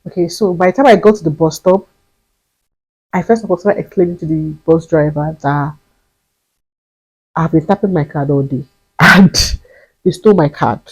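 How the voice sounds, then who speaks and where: A young Nigerian woman with a Nigerian accent and a slightly husky voice, telling a personal story on her vlog with emphatic repetition and bits of pidgin. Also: deep voice, normal speed, pauses often, poor audio. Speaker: vlogger.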